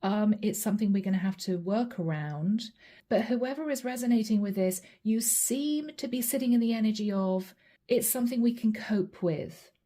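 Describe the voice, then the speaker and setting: A woman's voice: medium pitch, animated, normal speed, mellow. A middle-aged woman giving a channeled tarot reading, talking straight to the viewer in a chatty way and naming each card as she draws it. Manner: chatty, addresses viewer directly, names cards as she draws. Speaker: tarot reader.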